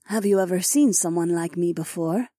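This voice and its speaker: A man voicing a gentle, cheerful fairy-like young woman in an audiobook, with a sweet, coaxing manner. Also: high voice, normal speed, no room sound, studio quality, voice pushed up. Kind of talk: audiobook narration.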